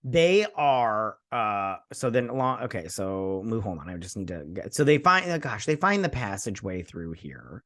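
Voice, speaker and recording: A man's voice: lowish voice, sing-song, moderate pace, few pauses, a bit bright, dry recording, studio quality. A man hosting a TV review channel, recapping an episode in a rambling, sarcastic, casual way full of fillers.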